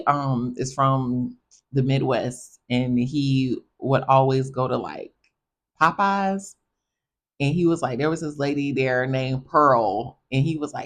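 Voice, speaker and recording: Chatty, animated woman telling stories. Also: rumbling low. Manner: animated, chatty, addresses listeners as y'all. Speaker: podcast host. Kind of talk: casual storytelling monologue.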